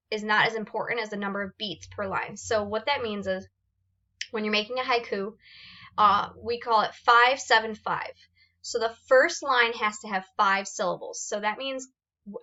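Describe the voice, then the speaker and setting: A woman's voice: on the high side, moderate pace, bright, forceful tone, muffled recording. A woman teacher explaining poetry forms step by step in a recorded lesson, reading examples aloud with fillers and restarts.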